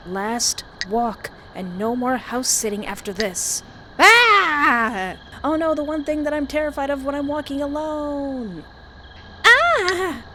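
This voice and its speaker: A woman reading a horror visual novel aloud with commentary, reacting dramatically and laughing often. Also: fairly high pitch. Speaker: game streamer. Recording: steady background hiss.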